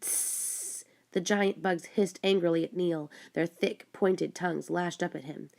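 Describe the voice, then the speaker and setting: A woman reading a children's adventure book aloud, steady and expressive. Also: on the low side, moderate pace, creaky. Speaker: audiobook narrator. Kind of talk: storybook narration.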